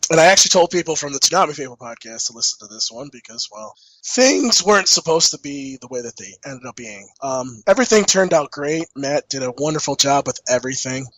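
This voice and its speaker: A man's voice: mid-range voice, fairly bright tone, no room sound, low-quality recording. Tired, rambling male podcast co-host. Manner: rambling, stop-start storytelling. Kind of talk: casual chat.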